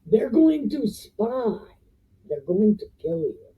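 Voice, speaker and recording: A woman's voice: fairly high pitch, sing-song, slow pace, mellow, slightly rough, voice pushed up, heavily acted. A woman voicing suspicious male elders who give a blunt warning in broken grammar. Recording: tinny phone-like sound.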